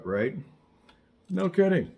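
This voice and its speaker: A man's voice: sits high, big pitch swings, slow, vocal fry, darkish tone. A middle-aged man teaching saxophone in a casual, chatty way, wandering into wry asides and digressions. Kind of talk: casual spoken lesson. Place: studio in Southern California.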